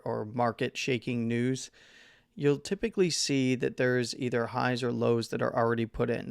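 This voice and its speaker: Host, male, hoarse from a long day, casual meandering chart analysis, crisp but gravelly. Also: medium pitch, dry recording, studio quality. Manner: rambling, self-correcting, filler-heavy. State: losing his voice. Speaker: crypto market analyst host.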